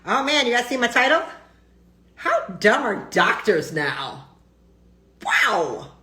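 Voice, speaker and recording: Brash female chiropractor host on a live stream, high lively voice, sarcastic rant, roomy echo with faint noise. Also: takes it slowly.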